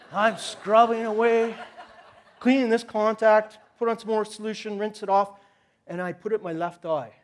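A man preaching a sermon, opening with a lively personal story and acting out his own cries. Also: sits high. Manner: animated storytelling, acts out his own shouting. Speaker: pastor.

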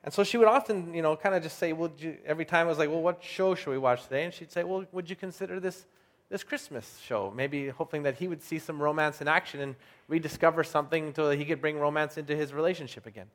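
Male pastor, slightly high voice, chatty storytelling sermon, leans on key phrases slowly. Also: fairly even intonation. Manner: storytelling, slows down to stress key words; conversational with filler restarts.

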